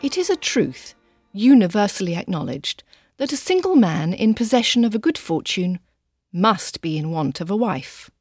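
A woman reading audiobook narration in a lively, expressive way. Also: mid-range voice, moderate pace, husky, faint music behind. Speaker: audiobook reader.

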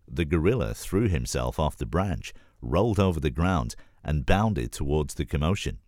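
A man reads a children's animal story aloud for an audiobook audition, telling it clearly and steadily. His voice is extremely deep. The recording is close to the mic and dry, with no room sound. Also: lively intonation, moderate pace, darkish tone, no room sound. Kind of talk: scripted storybook narration.

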